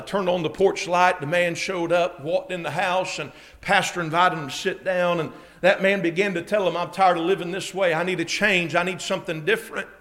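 A man preaching a sermon at a Bible conference, telling a story and building to emphatic shouts with frequent amens. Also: sits high. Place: church conference hall.

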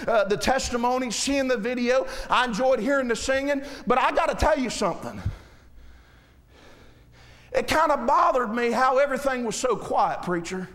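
High-voiced preacher man shouting. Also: big-room sound. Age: 30s. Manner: impassioned, rising to shouts; folksy, addresses the congregation directly. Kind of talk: sermon.

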